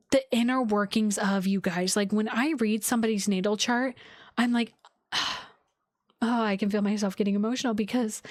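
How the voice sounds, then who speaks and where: A woman astrologer chats live with her viewers in a gushing, heartfelt way, her thoughts tumbling out with many likes and restarts. Her voice sits at a middle pitch and sounds close and dry. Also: dry recording. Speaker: astrologer hosting a live stream. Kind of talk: casual live-stream chat with viewers.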